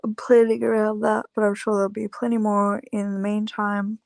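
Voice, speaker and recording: A woman's voice: mid-range voice, flat delivery, creaky, a little mellow, no echo. A tired woman vlogging casually about her candle business, rambling with lots of fillers. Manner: rambling, many fillers, unhurried. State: tired, yawning. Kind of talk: casual chat to camera.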